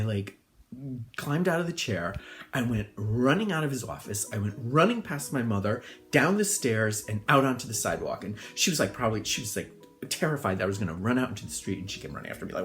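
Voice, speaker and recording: Chatty low-voiced man telling stories. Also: expressive, brisk, soft background music. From Connecticut, US. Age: older. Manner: chatty, rambling, full of fillers, acts out voices in high squeals. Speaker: hairdresser. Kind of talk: casual storytelling monologue.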